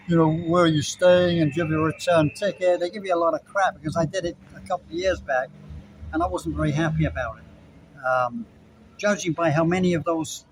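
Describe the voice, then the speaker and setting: Older brit guy rambling at the camera, repeats himself a lot, voice a bit high for a man. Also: slight background noise, rough recording. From Britain. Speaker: vlogger. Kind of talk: casual rambling chat to camera.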